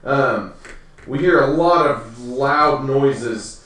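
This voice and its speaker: A man's voice: medium pitch, extremely slow, a bit bright. A man narrating a tabletop game as game master for his children, rambling with lots of fillers and restarts. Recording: echoey room from far off.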